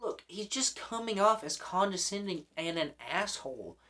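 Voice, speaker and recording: A man's voice: high-pitched, lively intonation, normal speed, bright, forceful tone. A young man hosting a commentary vlog, ranting in an exasperated, sarcastic way with plenty of swearing. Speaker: host.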